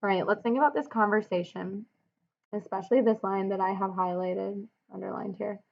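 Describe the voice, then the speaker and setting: A woman teacher giving a read-aloud with guided commentary, explaining in a clear, measured way and posing questions to students. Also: mid-range voice, fairly even intonation. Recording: dull lo-fi recording.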